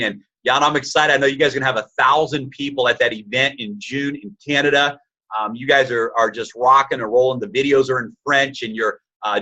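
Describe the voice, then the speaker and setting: A man's voice: mid-range voice, pushed and bright. A man in his forties hosting a webinar, upbeat and hyped, with many fillers. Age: 40s. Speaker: webinar host. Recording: lo-fi webinar audio.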